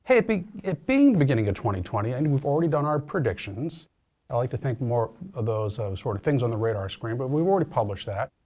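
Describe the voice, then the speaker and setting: Fast-talking man with a Boston accent. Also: medium pitch, sing-song, warm tone. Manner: quick, chatty, thinks aloud with fillers. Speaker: industry analyst, co-host. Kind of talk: casual discussion.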